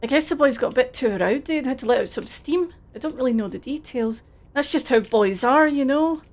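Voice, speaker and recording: A woman's voice: high-pitched, animated, a little fast. A woman with a Scottish accent voicing a simple, friendly, cheerful male dockworker, reading game dialogue aloud. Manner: cheerful, chuckling.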